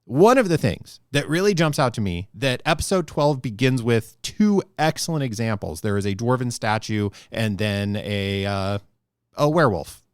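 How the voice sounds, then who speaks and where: A man's voice: medium pitch, expressive, moderate pace, hardly any pauses, clean tone, dry recording, clean studio sound. A man co-hosting a podcast, chatting casually about running tabletop games and thinking aloud with asides. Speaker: podcast co-host.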